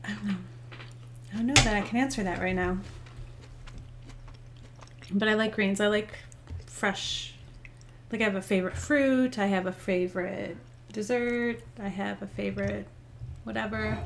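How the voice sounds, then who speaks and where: A woman in her forties, a yoga teacher, chatting casually over lunch in a relaxed, thoughtful way. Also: mid-range voice, normal speed, gravelly, long pauses, slight background noise. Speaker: guest, yoga instructor. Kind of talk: casual chat while eating. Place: indoors, eating lunch.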